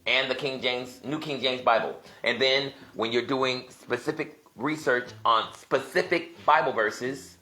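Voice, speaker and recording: A man's voice: mid-range voice, unhurried, few pauses, bright, forceful tone, roomy sound. A man teaching casually from home as he looks through apps, thinking aloud in a rambling way and growing emphatic. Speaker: self-styled religious teacher. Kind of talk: casual video teaching while browsing apps.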